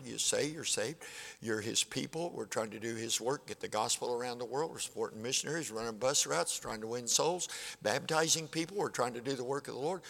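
This voice is a man's, medium-pitched, gravelly and fairly bright: a pastor in his seventies preaching in a folksy, plain way. He tells stories and plays out conversations, and the church hall adds reverb.

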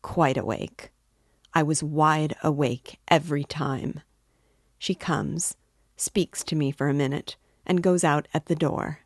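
Sly middle-aged landowner, read by a woman, rambling and confiding, low voice, unhurried, dry close sound. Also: fairly even intonation, dry recording, exaggerated voice. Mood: musing. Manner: rambling, confiding, oddly offhand. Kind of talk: reading a novel aloud.

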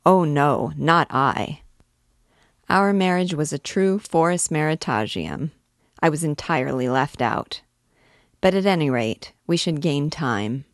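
A woman performs a classic novel's anxious, wordy male poet in an audiobook reading, making him plead in a quick, raised, excitable manner. The sound is dry and studio-clean.

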